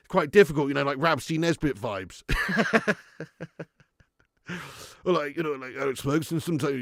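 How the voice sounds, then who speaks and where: A young adult man hosts a casual fan channel livestream, chatting, laughing often, reading out viewer comments and putting on mock regional accents. His fairly high voice has vocal fry and a slightly bright tone, moves at normal speed with frequent pauses, and the recording is dry with clean studio sound.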